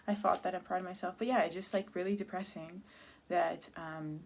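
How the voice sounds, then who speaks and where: Sad, halting Canadian woman in her thirties. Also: on the low side, fairly even intonation, vocal fry, a little mellow. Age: 30s. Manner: candid, halting, many restarts and fillers. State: sad, near tears. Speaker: vlogger. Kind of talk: personal confessional vlog.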